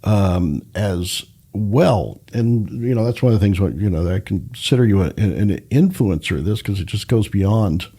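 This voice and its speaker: A man's voice: on the low side, lively intonation, normal speed, hardly any pauses, dark tone, slightly rough. A man hosting a radio interview show, asking long questions that he works out as he goes. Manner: hesitant, many fillers and restarts.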